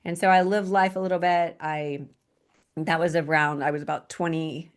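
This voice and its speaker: A woman in her forties, a podcast host, telling her personal story in an earnest, slow and reflective way with frequent restarts. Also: low voice, flat delivery, clear, resonant tone. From Texas, United States. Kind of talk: personal testimony monologue.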